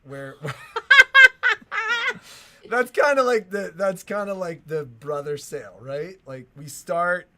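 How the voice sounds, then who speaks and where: A man in his forties co-hosting a shop livestream, telling rambling, animated stories in casual chat. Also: on the high side, slow pace, pauses often. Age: 40s. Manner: rambling, animated storytelling with acted-out voices. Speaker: shop co-host.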